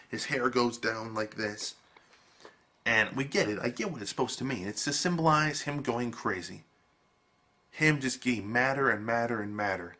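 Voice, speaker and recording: A man giving a casual video review, animated and emphatic, swearing freely. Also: medium pitch.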